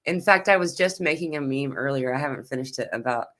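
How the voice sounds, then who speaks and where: A woman's voice: extremely low pitch, expressive, fast talker, fairly bright tone. A woman hosting a casual chat, telling anecdotes in a friendly, agreeable way and laughing often. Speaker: host.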